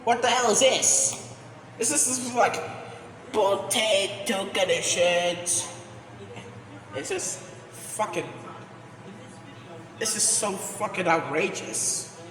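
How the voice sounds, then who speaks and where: A man voicing a foul-mouthed, angry male house cat in amateur comedic voice acting, ranting and shouting with constant swearing. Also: high-pitched, slow, pauses often. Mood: furious ranting. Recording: echoey room with long reverb.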